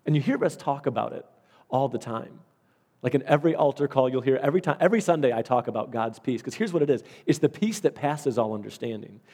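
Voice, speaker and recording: A man's voice: mid-range voice, animated, fast, a little mellow. A male pastor preaching in a conversational storytelling way, acting out the voices of people in his stories. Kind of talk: storytelling sermon. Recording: long reverb of a large hall.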